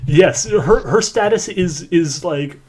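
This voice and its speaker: A man's voice: high voice, slow, darkish tone, breathy edge. A man playing a tabletop game, rambling in a casual way with many fillers. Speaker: player.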